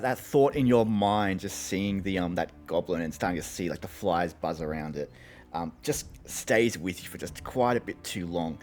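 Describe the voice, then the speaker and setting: A man running a tabletop game as game master, narrating chattily with many ums and pauses. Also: sits low, darkish tone.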